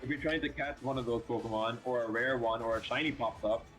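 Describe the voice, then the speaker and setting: A man's voice: medium pitch, fairly even intonation, fast, rough recording. A man co-streaming a game in casual chat, coaching the player and repeating his advice insistently. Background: game music.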